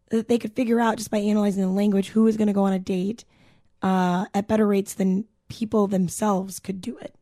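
A woman's voice: mid-range voice, dark tone, no room sound, studio quality. A woman co-hosting a podcast, telling a story in loose casual chat and swearing freely. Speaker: podcast co-host.

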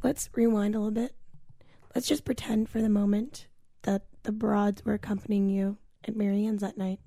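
A woman's voice: mid-range voice, level tone, moderate pace, gravelly, warm tone, no echo. A woman hosting a casual podcast chat, firing off dry, teasing quips. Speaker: podcast host.

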